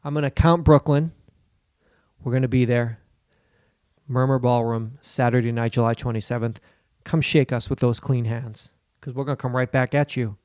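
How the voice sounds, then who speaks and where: A man's voice: medium pitch, steady tone, moderate pace, a little mellow, dry recording, studio quality. A man co-hosting a comedy podcast, riffing loosely with lots of swearing and slipping into goofy put-on voices. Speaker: podcast co-host. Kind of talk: casual comedic banter.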